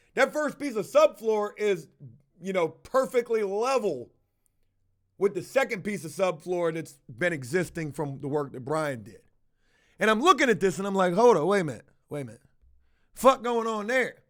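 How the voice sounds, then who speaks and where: Profane, high-voiced man telling a renovation story. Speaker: house flipper vlogger. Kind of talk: casual livestream chat.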